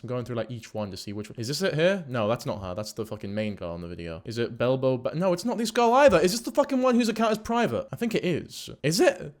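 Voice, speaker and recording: A man's voice: medium pitch, a little mellow. A young man hosting a reaction video, casual and mocking, swearing a lot.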